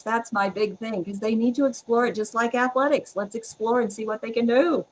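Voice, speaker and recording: A middle-aged woman, chatting as a podcast guest, strong-willed and quick to laugh. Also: on the high side, fairly bright tone, slight background noise, low-quality recording. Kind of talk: casual interview chat.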